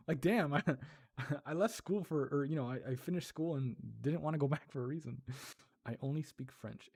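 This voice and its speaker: Practicing Portuguese aloud between replies to his chat, a European livestream host and ASMR creator keeps things chatty and laughs often. His voice is a little high yet dark and husky, with no room sound.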